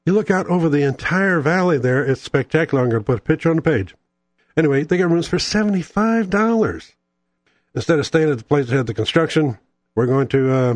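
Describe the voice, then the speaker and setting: A middle-aged man hosting a radio show, telling a casual story with wry, animated asides. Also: mid-range voice, no room sound. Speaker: radio host.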